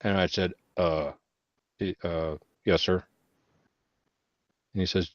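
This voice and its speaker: A man on a veterans' panel telling a service story in casual chat, swearing freely and getting loud when he quotes himself. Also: deep voice, fairly even intonation, slow, pauses often, dry recording. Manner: heavy profanity, loud bursts when quoting himself. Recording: dull lo-fi audio.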